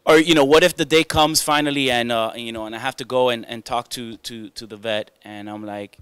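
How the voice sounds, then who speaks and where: A man's voice: medium pitch, steady tone, a little fast, few pauses, fairly bright tone, clean tone, no echo. Self-mocking male stand-up comic. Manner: chatty, self-mocking, riffs with the crowd. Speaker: stand-up comedian. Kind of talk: stand-up comedy set. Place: comedy club stage before a live audience.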